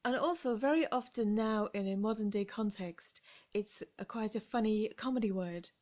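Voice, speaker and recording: A woman with an English accent teaching an English word in a slow, deliberate lesson, savoring each word and acting out examples. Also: medium pitch, darkish tone. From England. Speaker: English teacher and vocal coach.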